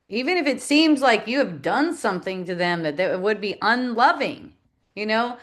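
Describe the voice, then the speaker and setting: A woman's voice: a little high, fairly bright tone. A middle-aged woman teaching in a reflective spiritual talk, laughing often and acting out the voices she quotes.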